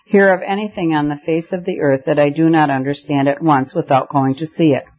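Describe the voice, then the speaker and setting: A man voicing an eccentric, arrogant old retired judge who speaks calmly and loftily. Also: a little high, brisk, muffled recording, lightly acted. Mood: lofty.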